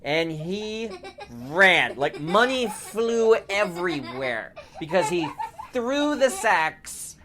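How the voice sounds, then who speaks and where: Man, bedtime storyteller, playful, laughing, animated pitch. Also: slow, a little hiss or hum. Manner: playful, laughing, does shouted voices for robbers. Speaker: storyteller dad.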